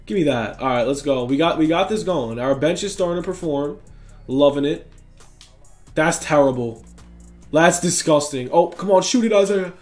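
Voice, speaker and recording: A young man reacting loudly to every play as he commentates his basketball video game. He trash-talks his opponent and keeps cheering himself on. His voice sits a touch high, with a faint beat underneath. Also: animated, moderate pace, faint music behind. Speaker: gaming YouTuber.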